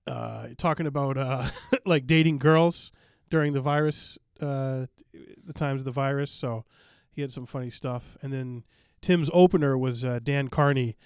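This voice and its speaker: A man's voice: medium pitch, unhurried, smooth, dry recording, clean studio sound. A man in casual podcast chat, recounting a night out with enthusiastic, rambling talk full of fillers.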